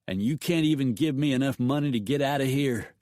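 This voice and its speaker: A man voicing a wounded, frightened male gunman who speaks in rough, folksy grammar with his voice raised a little. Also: medium pitch, a little fast, a little mellow, dry recording, clean studio sound, voice pushed up, natural voice. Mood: pleading.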